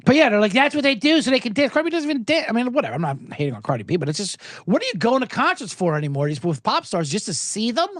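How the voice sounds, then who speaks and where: Sarcastic guy ranting on his podcast, pitch all over the place, dry close mic. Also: racing, hardly any pauses, no echo. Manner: animated, sarcastic, swears, acts out snippy dialogue. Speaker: podcast host. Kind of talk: comedic rant.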